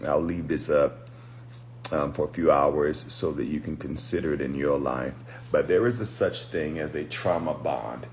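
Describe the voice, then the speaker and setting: A male pastor and deliverance minister with a remarkably deep, low voice gives a late-night livestream teaching. He talks in a reflective, measured way and breaks off now and then to greet viewers by name. A faint hum of noise sits under the recording.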